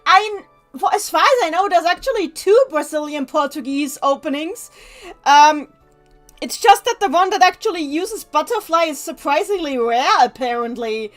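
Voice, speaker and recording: Chatty high-voiced woman streamer. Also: animated, normal speed, soft background music. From Germany. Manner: chatty, reads chat aloud, rambling asides. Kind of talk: gameplay livestream commentary.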